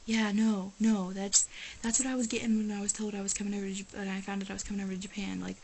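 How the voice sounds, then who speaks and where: A woman's voice: medium pitch, level tone, quick pace, darkish tone, slight background noise, poor audio. Emphatic chatty woman vlogger. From United States. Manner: exasperated, emphatic, chatty with many "like"s. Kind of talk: casual talk to camera. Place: living in Japan.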